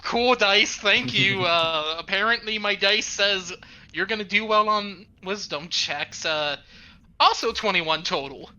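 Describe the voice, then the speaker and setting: A woman's voice: medium pitch, measured pace, sharp tone, dull audio. A woman playing a tabletop game, chatty, describing her character's actions. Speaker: player. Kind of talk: casual tabletop play.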